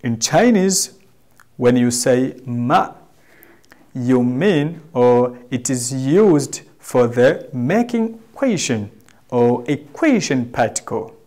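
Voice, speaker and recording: A man with a Tanzanian accent teaching a language lesson, slowly repeating words for the class to echo. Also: medium pitch, animated, a little mellow.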